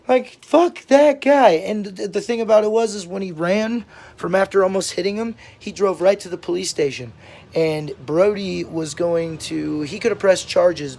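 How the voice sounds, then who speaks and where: A man's voice: high-pitched, creaky, darkish tone. A young man telling stories casually to his channel, laid-back and swearing freely, laughing now and then. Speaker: vlogger. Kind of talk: casual storytelling.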